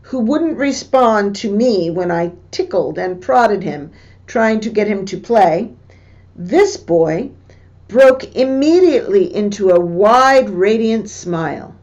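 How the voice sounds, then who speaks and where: A woman teacher reading a book passage aloud and stopping to explain what words mean, in a slow, deliberate way. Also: mid-range voice, expressive, darkish tone, muffled recording. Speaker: English teacher.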